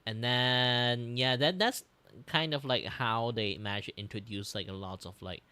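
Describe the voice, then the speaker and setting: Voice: medium pitch, a little slow, clear, resonant tone, no room sound. An art streamer reacting in casual chat, rambling with lots of fillers. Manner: rambling, many fillers, animated.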